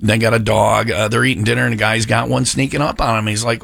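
A man's voice: lowish voice, fairly even intonation, fast talker, vocal fry, hardly any pauses, a bit bright, no room sound. A young man co-hosting a radio show, telling jokes and stories in casual banter and laughing along. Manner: jokey storyteller, laughs at his own jokes.

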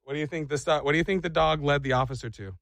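A man's voice: on the high side, very fast, creaky, fairly bright tone, no room sound. A man hosting a morning radio show, joking playfully and slipping into silly voices. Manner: playful, acts out silly dog and owner voices.

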